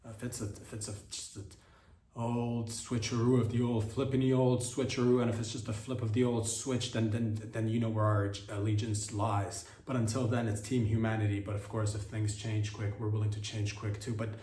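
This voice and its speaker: A man's voice: fairly low pitch, level tone, moderate pace, warm tone, roomy sound, far from the mic, a little hiss or hum. A man hosting a comedy podcast, riffing in an absurd, rambling monologue and often correcting himself mid-sentence. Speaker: podcast host.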